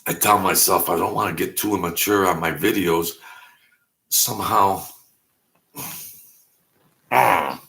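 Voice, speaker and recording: A man's voice: sits low, unhurried, creaky, long pauses, bright, forceful tone. A man hosting his own channel, talking in a loose, rambling way with jokes and self-deprecating asides. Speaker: YouTube channel host. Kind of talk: casual vlog monologue.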